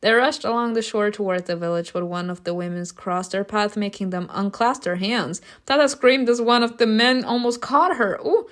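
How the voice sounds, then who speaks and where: A woman reading a story game's narration aloud, breaking off for loud, laughing reactions and casual swearing. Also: mid-range voice, normal speed, few pauses. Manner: reads narration evenly, bursts into loud laughing outbursts. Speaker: streamer reacting to a story game.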